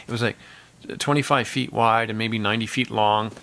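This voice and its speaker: A man sits telling war stories from years of mixing live sound. His delivery is casual and rambling, and he keeps slipping into quick impressions of the people who bothered him. He is good-humored about his own mistakes. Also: fairly low pitch, fairly even intonation, creaky, fairly bright tone. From Canada. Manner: chatty, self-deprecating, acts out quoted people in raised voices. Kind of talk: casual storytelling to camera.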